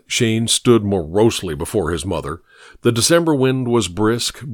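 A man narrating an audiobook with lively, expressive storytelling. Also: lowish voice, dry recording, studio quality.

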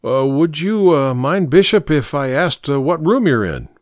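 A nervous young man stumbles over his words as a male narrator voices him. His voice sits higher and wavers with fillers. It is recorded dry and close. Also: very animated, measured pace, no room sound. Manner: hesitant, stammering with fillers.

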